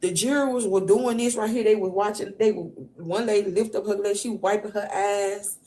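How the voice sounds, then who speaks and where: A woman hosting a podcast tells a story in a loose, chatty way. Her pitch sits mid-range for a woman. She leans hard on emphasis and slangy asides as she tells it. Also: normal speed. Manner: animated, emphatic retelling with slang. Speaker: podcast host. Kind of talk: casual storytelling recap.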